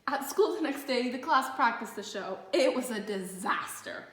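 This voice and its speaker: Lively woman reading a children's story. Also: a little high, normal speed. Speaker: storybook narrator. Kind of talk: reading a children's picture book aloud. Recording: roomy echo.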